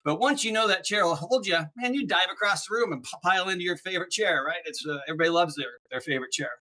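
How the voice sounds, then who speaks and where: Male podcast guest, animated explainer, bright and slightly high voice. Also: quick pace. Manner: animated, explanatory, peppers talk with "right?". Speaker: podcast guest, speaker on neuroplasticity. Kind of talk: casual interview chat.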